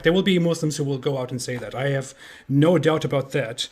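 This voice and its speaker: A man of middle pitch talks in a casual live stream. He sounds indignant and sarcastic, stumbling into repeated restarts before he lands his points. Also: fairly even intonation, fast. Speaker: co-host.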